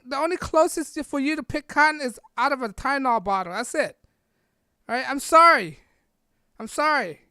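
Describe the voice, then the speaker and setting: A woman's voice: on the high side, a bit bright, clear, resonant tone, no room sound, clean studio sound. A woman hosting a podcast, delivering a blunt, rambling political rant, capping nearly every point with "right?" or "all right?". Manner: blunt and combative, repeats herself. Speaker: podcast host. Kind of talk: opinionated political rant monologue.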